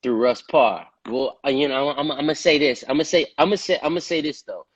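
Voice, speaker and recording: A man's voice: fairly high pitch, brisk, no room sound. Male R&B singer, casual, profane storyteller; dry, dull recording. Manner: laid-back, profane, repeats filler phrases. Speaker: guest, R&B singer.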